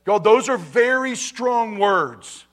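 A man preaches to his congregation in a high, light voice. He talks conversationally, restarts phrases and keeps asking if they are ready. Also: animated, slow pace, a bit bright. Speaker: pastor. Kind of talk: sermon. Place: church sanctuary.

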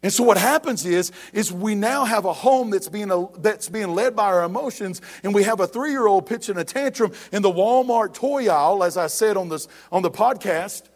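A man's voice: high-pitched, moderate pace, hardly any pauses. A man preaching a sermon as pastor, emphatic and repetitive, speaking straight to the congregation.

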